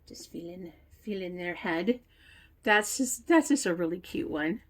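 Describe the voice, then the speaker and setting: A woman's voice: on the low side, expressive, unhurried. Chatty woman doing a casual unboxing vlog. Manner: chatty and reflective, many fillers, soft laughs. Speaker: reborn doll artist and teacher.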